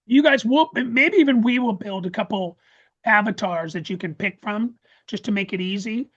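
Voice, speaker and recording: A man presenting a live webinar, talking excitedly with many restarts and stammers over a video call. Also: high voice, moderate pace, lo-fi sound. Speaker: course presenter. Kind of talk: casual live webinar talk.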